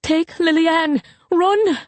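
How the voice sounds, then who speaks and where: A woman voicing a panicked mother who shouts urgent warnings to her daughters in an audiobook. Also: very high-pitched, extremely slow, no echo, voice pushed up, full character voice.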